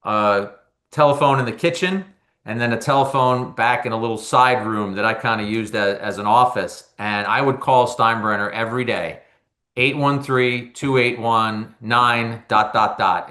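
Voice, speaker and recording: A man from New Jersey, a baseball analyst and former reporter, telling stories in an interview with animated delivery and frequent repeated words. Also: on the low side, normal speed. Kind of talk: conversational storytelling in an interview.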